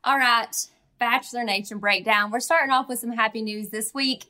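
A woman's voice: on the high side, steady tone, bright, forceful tone. A woman talking as a guest in a casual podcast chat, chatty and playful. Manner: chatty, playful, quick agreeing asides.

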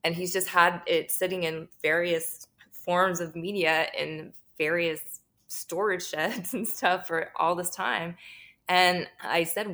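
A woman's voice: lowish voice, fairly even intonation, normal speed, a bit bright. A woman talking candidly as an interview guest, laughing often and swearing freely. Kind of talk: casual interview chat.

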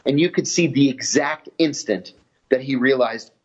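A man telling his story in an interview in a steady, matter-of-fact way. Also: mid-range voice, normal speed, breathy edge. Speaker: former intelligence officer telling his story. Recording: dull lo-fi audio.

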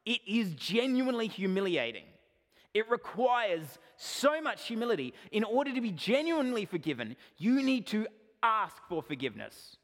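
A male pastor giving a sermon to his church, earnest and direct, swinging from emphatic points to quiet asides. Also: high voice, sing-song, moderate pace. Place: church sanctuary. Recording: long hall reverb.

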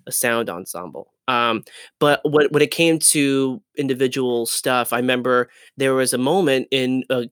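A young man, a Broadway dancer, chatting as an interview guest, animated and laughing often as he tells stories. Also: mid-range voice, clean tone, dry recording, clean studio sound. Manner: animated, laughs often, restarts and trails off mid-sentence. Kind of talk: casual interview storytelling.

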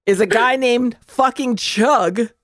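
A woman's voice: a little high, takes it slowly, no room sound, clean studio sound. A woman in her forties co-hosting a podcast, chatting casually about movies with wry, sarcastic asides. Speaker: podcast co-host.

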